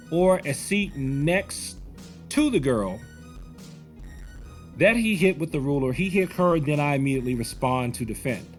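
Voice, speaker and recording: A man in his forties, a martial arts instructor, telling a personal story in a conversational, rambling way. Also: a little high. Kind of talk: storytelling commentary.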